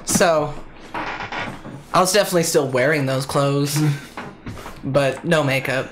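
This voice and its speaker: A man's voice: fairly high pitch, takes it slowly, noisy background. Laid-back young man telling a story. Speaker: podcast guest storyteller. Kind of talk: casual anecdote telling.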